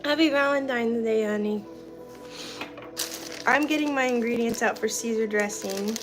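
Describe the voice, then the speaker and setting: A woman's voice: on the high side, moderate pace, low-quality recording. Giggly young woman livestreaming, music behind. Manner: chatty, giggly, reads and answers viewer comments. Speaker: livestream host. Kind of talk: casual livestream chat. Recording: clear music in the background. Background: music playing.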